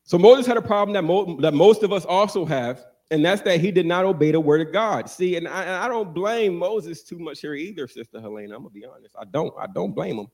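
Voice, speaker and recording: Guy preaching, husky voice, pitch jumping all over, teasing the church and asking them questions. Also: brisk, hardly any pauses. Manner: animated, call-and-response, jokes with congregation. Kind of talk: sermon.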